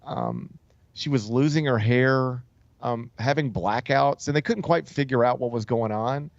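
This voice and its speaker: A man's voice: mid-range voice, unhurried, vocal fry, no room sound, dull audio. A male talk show host telling a story in a casual, rambling way, with many fillers and restarts. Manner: loose, rambling delivery full of "like" and "um", with frequent restarts. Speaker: sports radio host.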